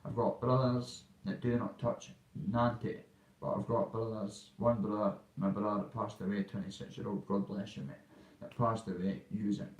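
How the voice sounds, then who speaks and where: A man's voice: fairly low pitch, flat delivery, normal speed, reverberant, recorded from a distance, rough recording. A man from Dundee with a Dundee Scottish accent, telling a rambling story in a casual vlog, full of fillers and asides. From Dundee, Scotland. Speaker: recovery vlogger.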